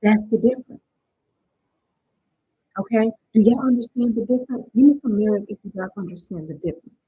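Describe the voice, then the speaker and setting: Hosting a live-stream motivational workshop, this woman speaks fairly quickly in a mid-range, husky voice with a dark tone. She addresses viewers directly in a casual way, often checking with "right?" that they understand. The audio is dry and poor.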